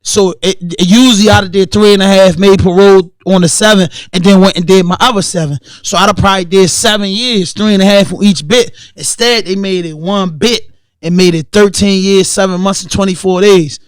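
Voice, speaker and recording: A man's voice: high-pitched, fairly even intonation, brisk, smooth, dry recording, studio quality. A man in his thirties with a Baltimore accent, telling stories in a casual podcast chat and acting out the voices of the people in them. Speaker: podcast guest.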